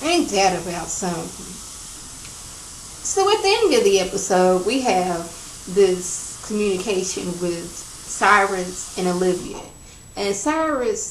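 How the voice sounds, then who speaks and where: A woman casually recapping a TV episode in a chatty, animated, gossipy way. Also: mid-range voice, a little hiss or hum. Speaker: TV episode reviewer. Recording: roomy echo.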